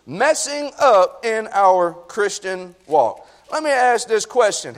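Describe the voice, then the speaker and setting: A man preaching a sermon as pastor, reading scripture and praying, folksy and addressing the congregation directly. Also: high voice. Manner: folksy, talks to the congregation with "y'all". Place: church sanctuary.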